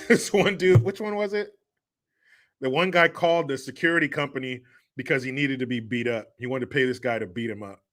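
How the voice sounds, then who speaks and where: A man's voice: medium pitch, brisk, a bit bright. A man hosting a casual, profane chat show in a rambling style, often breaking into laughter. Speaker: host.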